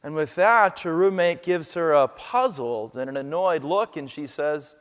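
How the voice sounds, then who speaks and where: A man's voice: a little high, animated, a little slow, hardly any pauses, a bit bright, smooth, big-room sound. A man pastor preaching a sermon, telling a story earnestly with touches of light humor.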